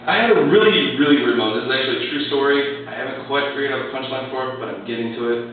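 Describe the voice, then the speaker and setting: A man's voice: medium pitch, very fast, slight background noise. Sex: man. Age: 20s. Style: crude, rambling stand-up. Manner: crude, rambling and self-mocking. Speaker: stand-up comedian. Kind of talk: stand-up comedy set. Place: small comedy club, live. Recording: echoey lo-fi club recording from far off with crowd.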